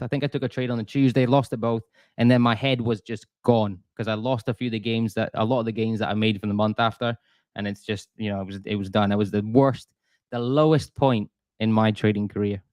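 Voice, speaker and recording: A man's voice: medium pitch, a little mellow, no echo. Chatty man streaming trade talk. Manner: chatty, self-deprecating, lots of restarts. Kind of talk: live-stream trading commentary.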